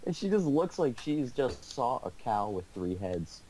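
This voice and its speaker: A man's voice: mid-range voice, big pitch swings, a little slow, darkish tone, slight background noise. A teenage boy casually telling a school story over a call, rambling with lots of restarts and laughs. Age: teens.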